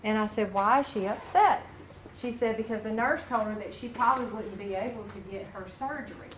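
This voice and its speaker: Nursing instructor, lively classroom storyteller, distant mic in an echoey room. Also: female voice, on the high side, quick pace, a little hiss or hum. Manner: folksy, animated storyteller who talks straight to the class.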